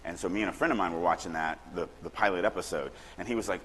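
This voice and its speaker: A middle-aged man from Louisiana teaches a room of writers in a loose, lively way, dropping into quick acted-out lines to make a point. His voice sits fairly low and carries the long ring of a large hall, with faint room noise underneath. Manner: casual, animated, acts out quoted lines. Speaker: writing workshop speaker. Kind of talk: conference talk on craft. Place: conference hall.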